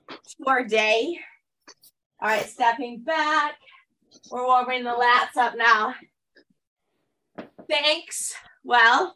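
Female fitness coach, high bright voice, chatty and encouraging, slightly breathless, recorded from a distance. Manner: upbeat, coaching cues, chatty asides. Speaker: fitness instructor. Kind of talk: guided workout class.

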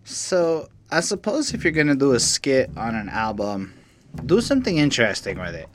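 A man's voice: mid-range voice, big pitch swings, moderate pace, background noise. A man in his thirties co-hosting a music review podcast, talking in a candid, profane and reflective way. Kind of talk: casual chat.

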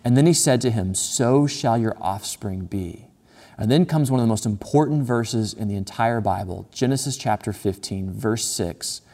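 Earnest low-voiced man preaching. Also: warm tone, big-room sound. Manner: earnest, repeats phrases, reads scripture aloud with slowed emphasis. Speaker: pastor. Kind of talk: sermon.

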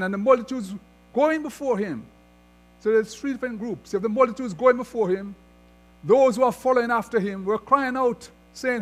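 High-voiced male preacher with mains hum. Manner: reads scripture then expounds with rising emphasis. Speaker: pastor. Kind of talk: sermon.

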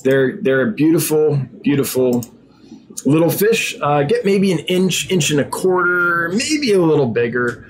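A man talking off the cuff on a live stream, his voice pitched a little on the high side. He rambles with plenty of ums and restarts and sounds eager when he gets to describing fish. A faint hum of room ambience sits behind him. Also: sing-song, measured pace, low-quality recording. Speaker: aquarium fish seller and channel host. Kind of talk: casual live-stream chat.

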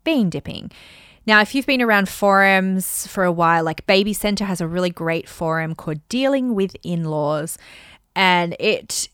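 A woman hosting a casual talk on money mindset, chatty and animated, acting out bits of dialogue. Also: lowish voice, moderate pace, smooth, dry recording, studio quality. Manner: chatty and animated, acts out dialogue in bright voices. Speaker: host and money mindset coach. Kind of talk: casual teaching monologue.

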